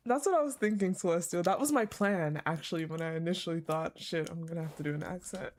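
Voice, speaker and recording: A woman's voice: fairly low pitch, quick pace. A young woman streaming a game, chatting casually with her viewers, laughing often and swearing freely. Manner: laughs a lot, swears, talks to chat. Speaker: gaming streamer. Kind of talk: casual live-stream chat.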